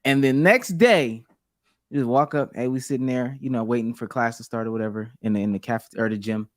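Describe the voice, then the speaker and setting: A man co-hosting a podcast, telling school stories in a relaxed way. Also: mid-range voice, quick pace, no room sound, clean studio sound. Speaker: podcast co-host. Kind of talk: casual podcast chat.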